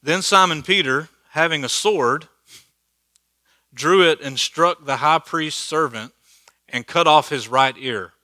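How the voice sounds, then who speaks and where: Male Bible teacher, casual and jokey, crisp bright tone. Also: on the high side, takes it slowly, no room sound. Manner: joking, laughs at his own asides. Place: church hall.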